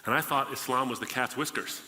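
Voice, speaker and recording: Bright-voiced man telling his story. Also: mid-range voice, fairly even intonation, brisk. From United States. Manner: conversational, re-enacts past dialogues. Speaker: podcast host. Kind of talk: personal testimony storytelling. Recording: reverberant hall.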